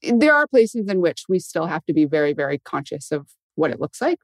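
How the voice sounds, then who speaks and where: A woman's voice: low voice, very animated, a little fast, no room sound. A woman in her thirties from Michigan, telling personal stories candidly in an interview and swearing casually. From Michigan, USA. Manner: candid, swears casually, acts out quoted voices. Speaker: guest.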